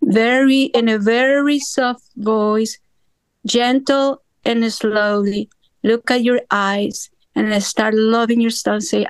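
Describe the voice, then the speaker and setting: A woman's voice: a little high, fairly even intonation, slow, smooth, no echo. A woman in a study group sharing a personal testimony over a remote call, talking earnestly with small grammar slips. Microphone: remote call audio.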